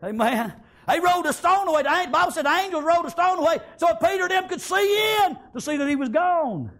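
A man preaching a fiery revival sermon in a church, punctuating nearly every line with "amen" and shouted praise. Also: extremely high pitch, lively intonation, fast talker.

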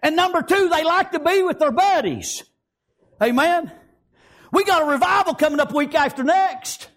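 A man's voice: extremely high pitch, lively intonation, normal speed, fairly bright tone. An older male pastor preaching a fiery sermon in a folksy country dialect, breaking in with praise and amens.

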